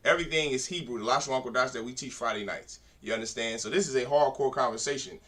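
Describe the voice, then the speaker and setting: A man's voice: medium pitch, quick pace, pushed and bright. A man teaching a church Bible class, emphatic as he coaches a reader through the text.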